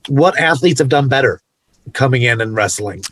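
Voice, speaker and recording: Male podcast co-host, mid-range voice, relaxed and opinionated, dry close mic. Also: medium pitch, normal speed, no room sound. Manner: opinionated, laid-back, loose asides. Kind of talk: casual chat.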